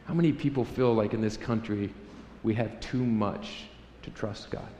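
A man's voice: on the low side, moderate pace, mellow, a little hiss or hum. A man preaching a sermon to a congregation, joking and acting out prayers in a raised voice. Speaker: pastor. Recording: echoey hall, faint room ambience.

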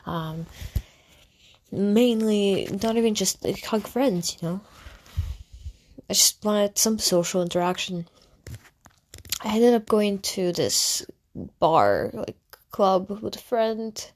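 A woman's voice: mid-range voice, lively intonation, slow, long pauses, a little mellow. A young woman, a content creator, telling a candid personal story in a casual, rambling way, full of fillers and restarts. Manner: candid and reflective.

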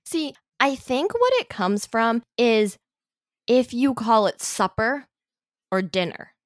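A woman's voice: fairly high pitch, lively intonation, slow, no room sound, studio quality. A young woman, a student, chatting casually about a book on a review podcast, talkative with hesitant asides.

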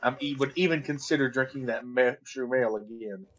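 A man's voice: mid-range voice, fairly quick, fairly bright tone, highs cut off. A man playing a tabletop game, speaking hesitantly in character with restarts. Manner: hesitant, restarts mid-sentence. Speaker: player. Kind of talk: casual in-character play.

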